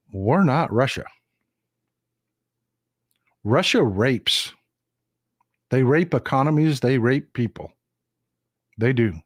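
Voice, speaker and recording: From Texas and speaking with the accent to match, a man with a medium, somewhat dark voice talks politics casually on his live stream. The sound is clean studio audio with no echo, and he's emphatic, repetitive, and keeps addressing viewers as folks.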